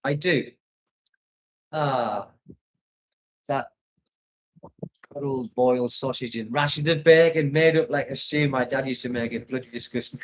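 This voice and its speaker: A man's voice: mid-range voice, unhurried, pauses often. An older British man living abroad, chatting casually on a livestream, rambling nostalgically and laughing often. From United Kingdom. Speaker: expat vlogger reading live chat. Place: home in the Philippines.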